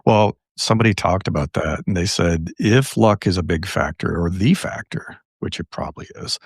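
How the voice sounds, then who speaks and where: A middle-aged man with a very low, gravelly and husky voice. He talks reflectively in a podcast conversation and leans on anecdotes and quotes. The sound is dry and close. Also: moderate pace, no echo. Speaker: podcast guest. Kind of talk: casual conversation.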